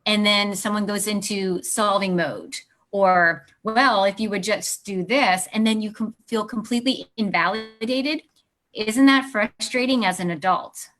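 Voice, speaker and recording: A woman speaking as a guest on an interview show about parenting. She explains her ideas by acting out short exchanges between parent and child. Her voice sits at an ordinary middle pitch. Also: measured pace, fairly bright tone. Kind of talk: interview answers.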